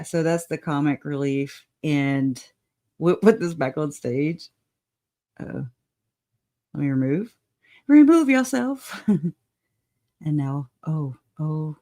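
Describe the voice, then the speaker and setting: A woman co-hosting a live stream, chatty and giggly, reading updates offhandedly. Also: sits low. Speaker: co-host. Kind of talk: casual live-stream chat.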